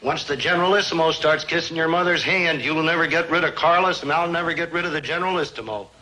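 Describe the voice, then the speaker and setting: A man's voice: on the high side, quick pace, pushed and bright, poor audio. An actor playing a sardonic middle-aged father who grumbles about household spending. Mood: grumbling.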